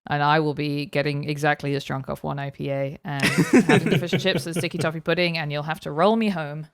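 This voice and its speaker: A British woman co-hosting a podcast, bantering in a lively, joking and playfully profane way. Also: low voice, fairly quick, smooth, dry recording, studio quality. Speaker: podcast co-host. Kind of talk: casual podcast chat.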